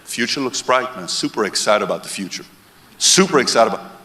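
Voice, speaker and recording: A man voicing a laid-back, softly upbeat man who thinks long term, lower and quieter than his own voice. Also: lively intonation, fairly quick. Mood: relaxed. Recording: echoey hall with long reverb.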